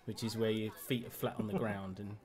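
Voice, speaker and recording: A man's voice: fairly low pitch, steady tone, fairly quick, a little mellow. A man playing his character in a tabletop game, politely courteous and a little flustered. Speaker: player. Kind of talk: in-character role-play.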